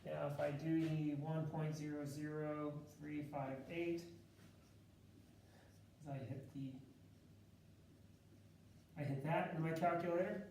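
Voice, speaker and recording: A man's voice: fairly high pitch, little pitch movement, takes it slowly, long pauses, a little mellow, a little hiss or hum. A man teaching a math class, working through loan calculations aloud step by step in a casual way. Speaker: math instructor. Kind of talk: classroom lecture. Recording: echoey classroom from far off.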